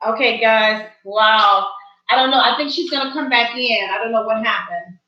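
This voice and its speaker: A woman's voice: fairly high pitch, normal speed. A woman hosting an online talk show, emphatic and devout, exclaiming often. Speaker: host. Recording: roomy, distant, lo-fi call audio.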